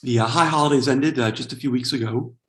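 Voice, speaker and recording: A man's voice: mid-range voice, fast, fairly bright tone, roomy sound. A man in his forties from the United States, doing a wry, self-deprecating stand-up comedy set. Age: 40s.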